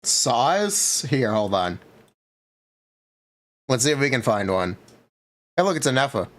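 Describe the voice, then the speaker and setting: A man's voice: mid-range voice, very animated, measured pace, a bit bright. A man streaming live and chatting casually with his viewers, laid-back and reacting to chat.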